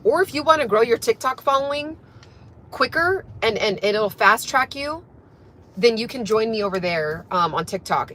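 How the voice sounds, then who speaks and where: A woman's voice: mid-range voice, a bit bright, a little hiss or hum. A young woman, a fitness coach, chatting casually and motivationally on a livestream while she drives, with many fillers and restarts. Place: in a car.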